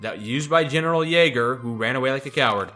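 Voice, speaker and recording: A man's voice: medium pitch, quick pace, sharp tone, soft background music. A man co-hosting a game playthrough in casual chat, with a teasing manner and dry quips.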